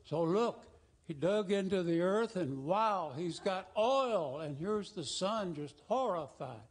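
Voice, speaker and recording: A man's voice: high-pitched, animated, slow. A man giving a folksy, joking talk to a congregation. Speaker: lay speaker at a congregation service. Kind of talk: humorous talk with slides. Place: congregation hall.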